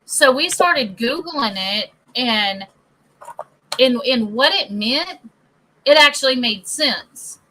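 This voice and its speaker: A woman's voice: sits high, lively intonation, slow pace, pushed and bright, slight background noise, poor audio. A woman hosting a casual paranormal podcast chat, telling stories with laughter. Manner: laughing, storytelling. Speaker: podcast host.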